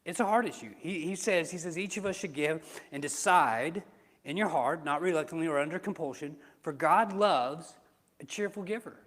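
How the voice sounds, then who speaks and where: Pastor, male, slightly high voice; casual sermon delivery with rhetorical questions, reverberant sanctuary. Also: moderate pace, a bit bright. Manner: conversational preaching with rhetorical questions. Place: church sanctuary. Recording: reverberant church hall.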